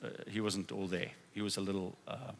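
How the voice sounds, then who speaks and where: A male pastor preaching a sermon with anecdotes, then leading the congregation in loud declarations. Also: low voice, fairly even intonation, fairly quick, gravelly, long reverb tail. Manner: rousing, leads congregation in declarations. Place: church.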